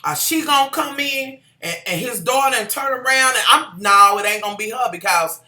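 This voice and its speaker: Sassy vlogger, casual TV recap, bright forceful voice, roomy echo. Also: medium pitch, expressive, normal speed. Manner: sassy, profane, talks to viewers as y'all and honey.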